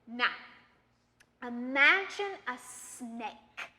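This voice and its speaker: A woman with an American accent teaching pronunciation in an online lesson, speaking clearly, patiently and encouragingly. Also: high-pitched, slow, sharp tone, long reverb tail. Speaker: accent trainer.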